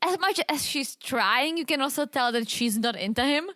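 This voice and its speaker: Female co-host, chatty and giggly, bright tense tone, a touch higher pitch, dry close sound. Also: expressive, normal speed, dry recording. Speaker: podcast co-host. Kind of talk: casual podcast chat.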